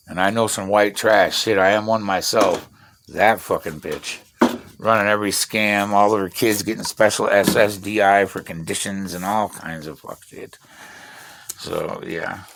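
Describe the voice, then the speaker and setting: A man's voice: on the low side, a bit bright, slight background noise. A middle-aged man, rambling bluntly and profanely in a casual vlog while working with tools. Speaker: vlogger.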